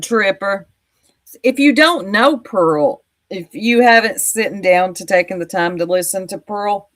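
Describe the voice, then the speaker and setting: A woman's voice: mid-range voice, fairly bright tone. A woman with an Appalachian American accent, chatting as a co-host in a teasing way and laughing often. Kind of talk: casual podcast chat.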